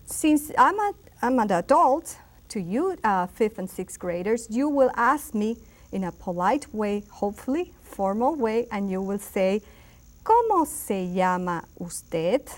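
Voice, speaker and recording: A woman teaching a beginner lesson to children, patiently repeating phrases slowly. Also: mid-range voice. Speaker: Spanish teacher. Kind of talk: instructional video lesson.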